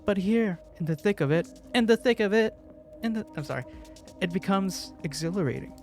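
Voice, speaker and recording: A man's voice: high voice, brisk, faint music behind. A man casually reading a visual novel's narration aloud, breaking off for jokes, laughs and stumbles over words.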